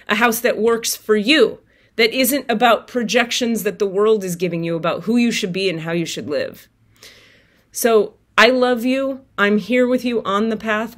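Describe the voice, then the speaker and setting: A woman telling viewers a personal story in a casual, animated way, swearing freely and acting out her own outbursts. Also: medium pitch. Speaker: tarot reader and spiritual vlogger.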